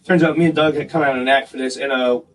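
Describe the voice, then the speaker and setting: A man's voice: medium pitch, fairly even intonation, fast, distant mic, slight background noise, rough recording. A man co-hosting a podcast, telling casual, profane stories about his military training, laughing often and acting out the voices of the people in them. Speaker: podcast co-host, former Navy SEAL. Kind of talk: casual storytelling chat.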